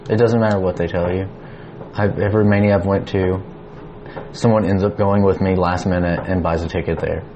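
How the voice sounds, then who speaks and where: A man's voice: low voice, fairly even intonation, a little fast, a little mellow, lo-fi sound, a little hiss or hum. A man co-hosting a casual podcast, laid-back and teasing. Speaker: podcast co-host. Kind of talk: casual chat.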